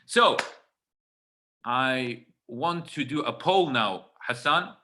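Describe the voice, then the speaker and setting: A man's voice: medium pitch, expressive, slow, pushed and bright, slight background noise. A man giving a religious talk on a video call, emphatic and repetitive, checking in with his listeners. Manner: emphatic, repeats phrases, asks the audience "right?". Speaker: webinar speaker.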